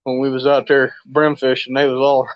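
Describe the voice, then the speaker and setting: A man's voice: medium pitch, monotone, moderate pace, no echo. Folksy rambling man on a lo-fi stream. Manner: rambling, folksy, chuckles often. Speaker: fishing live stream host. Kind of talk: casual live stream chat.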